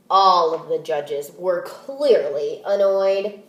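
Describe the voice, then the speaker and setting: Slow, expressive teacher reading aloud. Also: female voice, a little high, roomy sound. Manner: expressive, deliberate read-aloud. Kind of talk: reading a picture book aloud.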